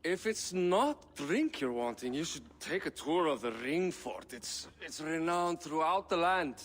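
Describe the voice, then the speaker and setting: A man's voice: big pitch swings, unhurried, in a large hall. A jolly drunken Irish king. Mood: teasing. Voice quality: booming, laughing, teasing. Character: jovial hard-drinking male Irish king. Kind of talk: video game dialogue.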